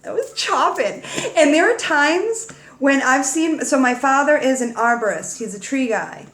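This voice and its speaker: A woman's voice: high voice, lively intonation, moderate pace, fairly bright tone. Woman tarot reader, casual and playful, salty slang, roomy echo. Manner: playful, slangy, swears freely, talks straight to viewers.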